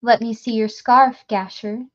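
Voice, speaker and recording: A woman voicing a cold male gang leader who speaks in a soft, thick, menacing voice. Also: very high-pitched, flat delivery, unhurried, muffled recording.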